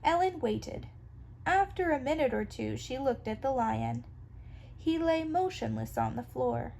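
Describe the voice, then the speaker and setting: A woman reading a children's story aloud in a calm, even storytelling manner. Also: high-pitched, unhurried, creaky, slight background noise, low-quality recording. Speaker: storybook reader.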